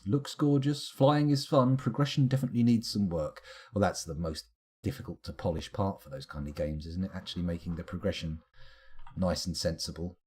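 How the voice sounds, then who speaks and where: A man's voice: low-pitched, a little fast, darkish tone, breathy edge. A man streaming a strategy game live, muttering to himself as he clicks through menus and now and then answering his chat. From United Kingdom. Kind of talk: live gameplay commentary.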